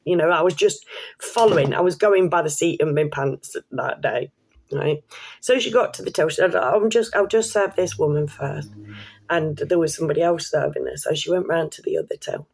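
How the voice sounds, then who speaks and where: A woman telling a personal story to camera in a chatty, excitable way, with casual swearing and slang. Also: deep voice, moderate pace, gravelly, breathy edge. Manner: chatty, excitable, laughs while telling stories. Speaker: vlogger.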